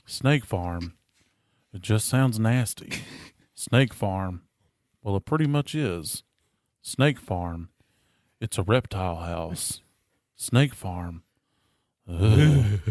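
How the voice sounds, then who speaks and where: A man's voice: lowish voice, a little mellow, no room sound. A man co-hosting a podcast, chatting casually and reading aloud in a dry, mock-serious way, giggling between lines. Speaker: podcast co-host.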